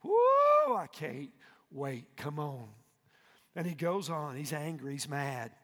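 A male pastor preaching a fervent sermon in a large church auditorium. He swings from hushed asides to loud shouts and keeps asking the congregation to respond. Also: a little high, slow pace. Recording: long hall reverb.

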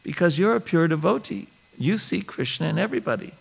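A sweet, innocent young woman, put on by a man who lifts his voice well above its usual pitch, asking her teacher eager, earnest questions. The voice keeps a faint gravelly edge underneath the innocence. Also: expressive, fairly quick, highs cut off, exaggerated voice. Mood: earnest questioning.

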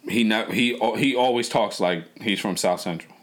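Low-voiced man rambling in casual chat. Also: normal speed. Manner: rambling, profane, lots of fillers and restarts. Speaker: podcast co-host.

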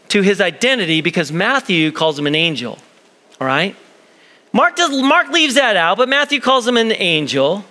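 Animated high-pitched preacher in an echoey hall. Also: male voice. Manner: animated, conversational, acts out quoted voices. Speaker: pastor. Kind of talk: sermon. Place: church sanctuary.

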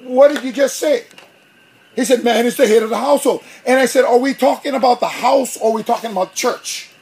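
A pastor preaching a sermon, telling a story with animation and acting out both sides of an argument. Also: male voice, extremely high pitch, slightly rough.

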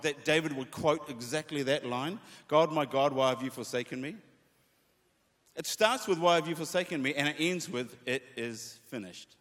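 A man preaches in a lively, animated way, voicing scripture lines with feeling. His voice sits fairly high for a man. The sound rings with the long reverb of a large hall. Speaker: pastor. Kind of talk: sermon to worship leaders.

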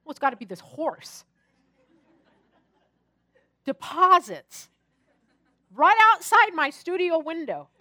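A woman preaches a sermon in a lively, chatty way, mixing humor into her stories. Her voice sits high and sounds bright. It is recorded close and dry, with no room sound. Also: slow pace, long pauses, no room sound. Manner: animated, chatty and humorous storytelling. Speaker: pastor.

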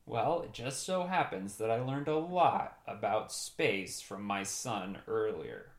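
A man improvising comedy as a bumbling, deadpan handyman host. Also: lowish voice, takes it slowly, reverberant.

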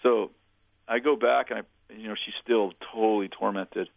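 Gravelly man telling stories down a phone line. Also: on the low side, steady tone, normal speed, no room sound. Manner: earnest, plainspoken storyteller with restarts. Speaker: pastor and guest. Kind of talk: storytelling in a radio interview.

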